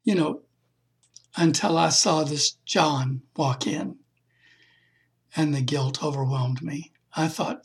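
A man shares a heartfelt testimony and preaches in an emphatic, devotional style for a podcast. His voice is gravelly with a strong fry. It sounds very husky and breathy throughout. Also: on the high side, slow pace, long pauses. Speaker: podcast speaker.

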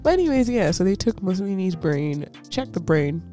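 A woman's voice: fairly low pitch, big pitch swings, brisk, mellow, faint music behind. A woman co-hosting a podcast, telling a story in casual chat and laughing often. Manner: giggly, chatty storytelling with frequent laughter. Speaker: podcast co-host.

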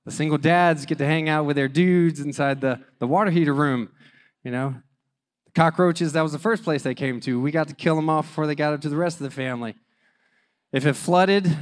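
Speaking a little high, a thirtysomething man shares a story from his life as a dad, lively and self-deprecating, voicing each line of dialogue.

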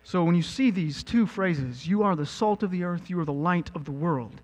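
A man preaching a sermon as pastor, animated and building to emphatic peaks. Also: sits high, normal speed. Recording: long reverb with mains hum.

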